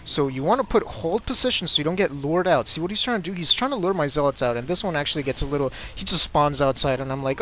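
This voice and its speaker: Young male replay commentator, a touch high-pitched, eager and easily flustered, home desk mic with faint hiss. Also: quick pace, few pauses. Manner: excitable, gets flustered and speeds up in fights. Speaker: game commentator. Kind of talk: commentating his own replay.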